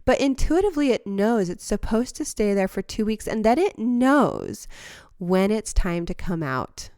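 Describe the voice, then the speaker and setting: A woman hosts a reflective podcast, talking through her thoughts in an earnest, heartfelt way. Her voice is smooth and clear at a medium pitch. She is recorded close on a studio mic in a dry, quiet room. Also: animated, measured pace, no echo. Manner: earnest and heartfelt, with a few soft laughs and restarts. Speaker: podcast host. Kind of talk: reflective motivational monologue.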